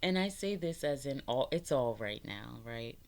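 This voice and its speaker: Low-voiced New woman, profane and laughing. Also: animated, moderate pace, a little mellow. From New York, the Bronx. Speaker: spiritual vlogger. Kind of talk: casual spiritual pep talk.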